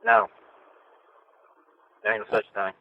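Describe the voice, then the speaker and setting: A man's voice: slow, no echo. A man who is a guest on a podcast, answering bluntly and scoffing at names he doubts. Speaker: guest researcher. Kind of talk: casual interview chat. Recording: tinny phone-line sound.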